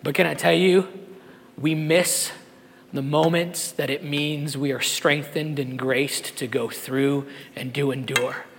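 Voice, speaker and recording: A male pastor preaching a sermon to his church, swinging from quiet, tender passages to loud, shouted appeals. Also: on the high side, fairly even intonation, slow pace, in a large hall. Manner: emotional, swings from soft to shouted. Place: church sanctuary.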